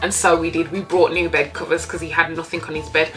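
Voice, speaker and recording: A young woman vlogger telling a dating story in a candid, animated way, swearing freely. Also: medium pitch, moderate pace, music in the background. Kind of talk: casual storytime.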